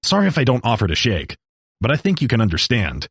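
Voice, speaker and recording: A man voicing a wry old male talking rattlesnake in a storybook reading, calm and explaining with dry jokes. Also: medium pitch, fast, creaky, slightly rough, no echo, dull audio, full character voice.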